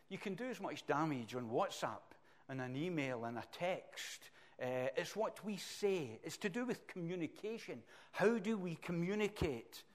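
A middle-aged Scottish man preaching a sermon, emphatic and animated, swinging between loud bursts and quiet asides. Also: a little high. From Scotland.

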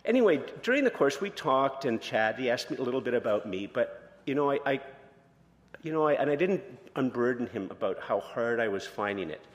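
A man's voice: medium pitch, big pitch swings, fairly quick, big-room sound, dull audio. A man pastor giving a conversational sermon, telling personal stories in an informal, candid way with lots of fillers and restarts. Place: church sanctuary.

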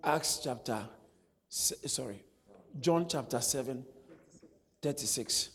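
A man's voice: mid-range voice, slow. A man preaching a sermon, asking rhetorical questions and joking with his listeners. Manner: animated, rhetorical questions, laughs at own jokes. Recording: long hall reverb.

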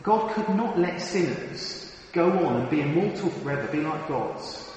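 A man's voice: a little high, lively intonation, moderate pace, darkish tone, slight background noise. A man preaching a sermon, earnest and emphatic, often restarting and repeating his words. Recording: very echoey hall with long reverb.

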